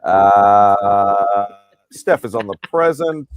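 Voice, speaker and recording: A man hosting a live pop-culture hangout stream, greeting viewers by name in a relaxed, chuckling way. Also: on the low side, drawn-out words, clear, resonant tone. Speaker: host. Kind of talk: casual live-stream chat.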